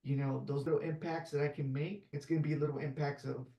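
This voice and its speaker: A man's voice: a little high, little pitch movement, fast, warm tone. Heartfelt man in an echoey room. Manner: heartfelt, emotional, casual with "man" and "like". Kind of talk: casual conversation.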